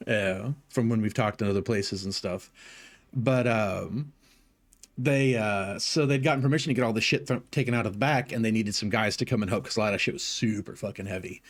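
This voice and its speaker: A man streaming, telling long casual stories with lots of swearing and filler words. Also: mid-range voice. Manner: profane, rambling, animated in retelling. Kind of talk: casual storytelling chat.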